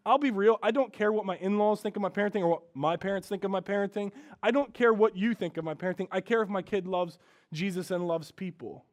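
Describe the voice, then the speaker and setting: A man with a high, light voice preaches a sermon as a pastor. He talks earnestly and candidly, dropping to a hush and then rising loud and animated. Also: fast.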